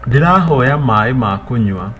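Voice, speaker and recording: Man, language teacher, casual lesson, mid-pitched, lively swooping intonation, repeats phrases. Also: moderate pace, slight background noise. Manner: repeats phrases, jumps high in pitch when modelling words; warm, encouraging sign-off.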